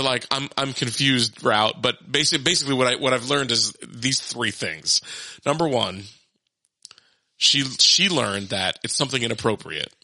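A man's voice: mid-range voice, no room sound. A man in his thirties telling a family story in casual chat, acting out quotes and laughing often. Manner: animated, laughing, acts out quotes.

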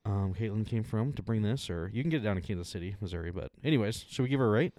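Lowish-voiced man rambling through casual podcast chat. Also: animated, racing, a little mellow, no room sound. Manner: rambling, laughs often, trails off mid-sentence. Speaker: podcast co-host.

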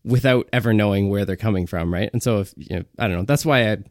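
A man's voice: on the low side, quick pace, no room sound, studio quality. A man co-hosting a podcast, talking in a casual, rambling way with many fillers and restarts. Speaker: podcast co-host. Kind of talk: casual chat. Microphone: close podcast mic.

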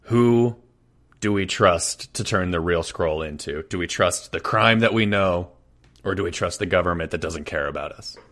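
A man playing a tabletop role-playing game, arguing a plan with his fellow players in an animated, earnest way. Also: deep voice, moderate pace.

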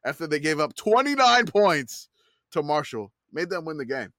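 A man hosting a casual sports podcast, his pitch rising and falling a lot as he recaps an old game. He laughs easily between points. The sound is dry and close. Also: no room sound. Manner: animated storytelling with quick laughs. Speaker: podcast host.

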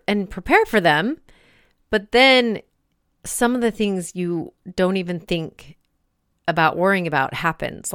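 Chatty woman podcast host with a smooth, clear voice; dry and close recording. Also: on the low side, fairly bright tone, no room sound. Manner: chatty, conversational, many fillers. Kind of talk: casual book discussion.

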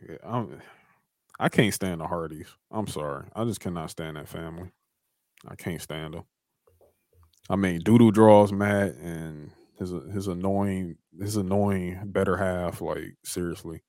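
A man's voice: sits low, a little slow, a little mellow, no echo, studio quality. A man co-hosting a podcast, ranting in casual chat, swearing heavily and repeating himself. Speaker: podcast co-host.

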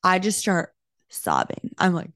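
A young woman, a realtor hosting her own podcast, telling a story in an animated, casual way and saying "like" a lot. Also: lowish voice, unhurried, no echo, clean studio sound. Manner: animated, talks with her hands, heavy use of "like".

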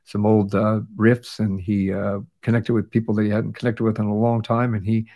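A man's voice: lowish voice, little pitch movement, moderate pace, warm tone. Tired man hosting a podcast chat. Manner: conversational, with fillers and restarts. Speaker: podcast host. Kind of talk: casual chat recapping episodes.

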